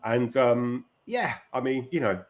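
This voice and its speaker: A man's voice: medium pitch, takes it slowly. A man hosting a casual film chat, talking in a rambling way with many fillers and restarts.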